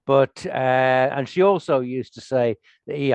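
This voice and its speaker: A man's voice: medium pitch, unhurried, creaky, darkish tone, no room sound. An older man hosting a podcast in casual chat, rambling with restarts and laughing often. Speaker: podcast host.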